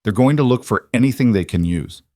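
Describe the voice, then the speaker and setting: A man voicing a blunt, seasoned woman lawyer who lays out warnings in a brisk, firm way in an audio story. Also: medium pitch, animated, darkish tone, no echo, studio quality, lightly acted.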